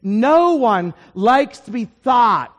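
High-voiced animated male preacher. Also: drawn-out words, in a large hall. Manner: animated storytelling, swings between loud emphasis and quiet asides. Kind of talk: sermon.

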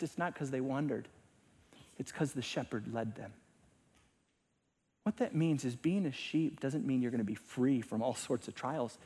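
A middle-aged male pastor preaching a sermon, swinging between loud emphasis and hushed, near-whispered lines. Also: on the high side.

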